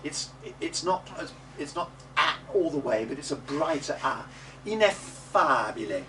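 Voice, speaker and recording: A middle-aged man teaching a class how to say Italian words. He models each word slowly for the group to repeat and adds chatty little jokes. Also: fairly high pitch, fairly bright tone. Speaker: early music teacher. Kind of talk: coaching a class in Italian diction. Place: classroom or rehearsal room. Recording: distant mic in a noisy room.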